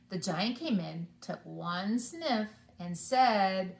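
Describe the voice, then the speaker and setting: A woman preschool teacher reading a storybook to children, animated and inviting them to join in. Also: fairly low pitch, takes it slowly, gravelly, few pauses, reverberant. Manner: animated, asks the children along.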